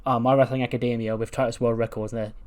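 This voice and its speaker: A man's voice: mid-range voice, little pitch movement, very fast, darkish tone. A man who creates gaming videos, narrating a let's-play in a chatty way and laughing often.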